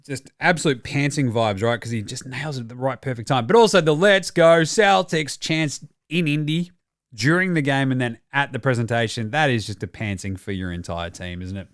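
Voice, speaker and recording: A man's voice: mid-range voice, a little fast, no echo, studio quality. Sarcastic man ranting about basketball. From Australia. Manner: sarcastic, swears freely, acts out mock quotes. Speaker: podcast host. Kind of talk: casual sports commentary.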